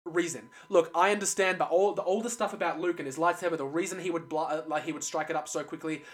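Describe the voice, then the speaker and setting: Australian guy, slightly higher voice, rambly film-talk co-host who restarts his sentences a lot. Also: fast. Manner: rambling, many restarts and fillers. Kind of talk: casual film discussion.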